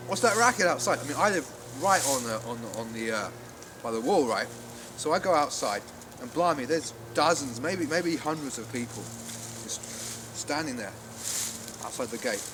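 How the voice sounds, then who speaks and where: A man playing an excitable male villager who tells his story in a rambling, animated way, with many restarts. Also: fairly high pitch, natural voice. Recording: steady background noise.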